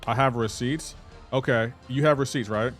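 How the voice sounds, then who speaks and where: A man's voice: medium pitch, moderate pace, faint music behind. A man streaming a game live, chatting casually and playfully indignant as he banters with his chat.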